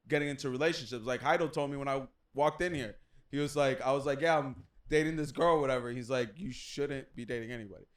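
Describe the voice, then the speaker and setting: Fast-talking man in his thirties. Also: medium pitch. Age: 30s. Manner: rambling, confessional, fillers like "you know what I'm saying". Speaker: podcast co-host. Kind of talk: casual comedy podcast banter.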